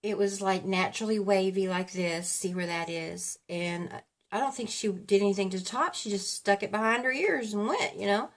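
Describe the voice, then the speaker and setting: At a normal speed and medium pitch, a woman in her fifties chats casually as a beauty vlogger. She's getting ready at home, rambling along and correcting herself now and then.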